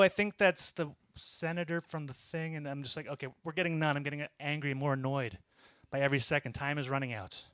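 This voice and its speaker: Guy in his 30s doing stand-up at a small club, bright voice, dry close mic, chatty storytelling. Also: on the high side, clean tone, dry recording. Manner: conversational storytelling, deadpan asides. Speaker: stand-up comedian. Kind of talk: stand-up set.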